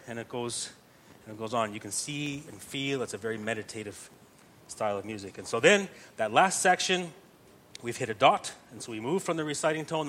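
A man's voice: medium pitch, a bit bright, slight background noise. A man teaching Gregorian chant to a group, explaining patiently step by step and often checking in with "right?".

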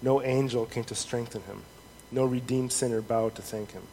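A man preaching a sermon in an earnest, measured way, reading scripture aloud with rising emphasis. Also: medium pitch, steady tone, warm tone. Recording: long hall reverb, faint noise.

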